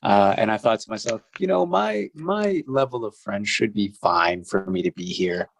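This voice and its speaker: A man's voice: fairly low pitch, animated, normal speed, gravelly. A man guest on a casual podcast, chatting in a playful, joking way. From Toronto.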